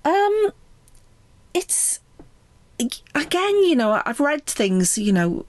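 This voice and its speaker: A woman's voice: high voice, very animated, slow pace, darkish tone, no room sound. A woman talking casually and chattily, reviewing an album track by track with frequent ums. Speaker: music reviewer.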